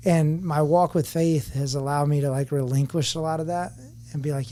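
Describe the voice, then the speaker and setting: His dark-toned voice sits on the high side, fairly quick and fairly even in intonation. He's a man in his forties guesting on a podcast, reflecting earnestly and telling his story openly, including his personal struggles.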